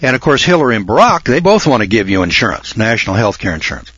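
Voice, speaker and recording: In his late sixties, a husky-voiced radio host rolls through a confident, folksy monologue, very animated and quick, veering between quiet muttering and shouted bursts. The sound is lo-fi, dull, and dry, with no echo.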